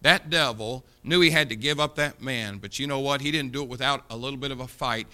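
Bright-voiced impassioned preacher man. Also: a little fast. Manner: impassioned, rises loud on key points, drops low to confide. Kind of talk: sermon.

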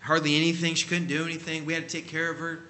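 A man's voice: on the high side, completely flat delivery, racing, bright, forceful tone, slight background noise. A man preaching, telling a story emphatically and acting out the people he quotes. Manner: emphatic, acts out quoted voices. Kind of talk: sermon storytelling.

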